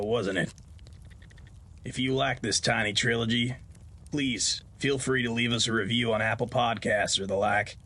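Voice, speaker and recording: A man's voice: medium pitch, gravelly, pushed and bright, breathy edge. A man hosting a podcast of Western horror tales, narrating a story in a folksy, homespun way.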